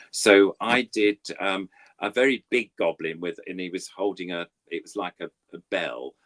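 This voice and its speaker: Older puppeteer, deep voice, chatty and self-deprecating storyteller. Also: male voice, animated, normal speed, fairly bright tone. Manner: rambling, self-deprecating storytelling with many fillers. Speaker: puppeteer guest. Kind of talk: anecdotal interview chat.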